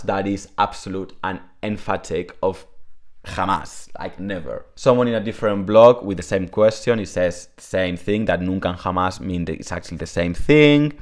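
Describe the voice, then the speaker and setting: Deep-voiced man teaching casually. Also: moderate pace. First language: Spanish. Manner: chatty, many fillers, switches between Spanish and English. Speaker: Spanish teacher. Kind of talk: casual explanatory lesson.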